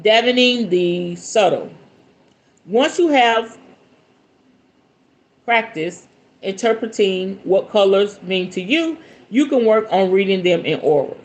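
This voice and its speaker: A woman's voice: medium pitch, slow pace, long pauses. A woman hosting a podcast, reading a book aloud and breaking off into playful, casual commentary. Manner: animated, playful asides between read passages. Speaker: podcast host.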